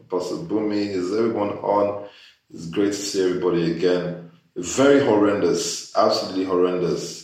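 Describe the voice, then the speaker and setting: A man hosting a casual chat, animated and joking as he tells stories with disbelief. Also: on the low side. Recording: echoey room, mic far off.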